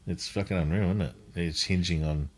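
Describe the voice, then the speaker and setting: A man's voice: low voice, fairly even intonation, fairly quick, breathy edge. A man chatting casually, rambling with lots of fillers and swearing. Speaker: guest. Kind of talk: casual chat.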